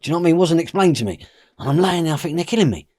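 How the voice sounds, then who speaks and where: A middle-aged podcast guest tells his own story with intensity and bluntness, swearing and repeatedly asking if you know what he means. His voice is a little high and darkish, expressive and racing, recorded at studio quality with no echo.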